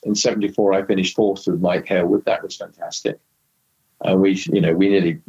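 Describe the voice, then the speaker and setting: A man's voice: sits low, gravelly, a little mellow, breathy edge, lo-fi sound. An older man, a former racing driver, telling rambling anecdotes in an interview with many restarts and asides. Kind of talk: anecdotal storytelling in conversation.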